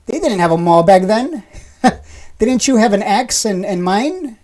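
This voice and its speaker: A woman in her thirties hosts a casual live stream, reading chat and teasing viewers with profane, joking rants, laughing often between lines. Her mid-range voice is expressive and a little mellow, and she speaks slowly.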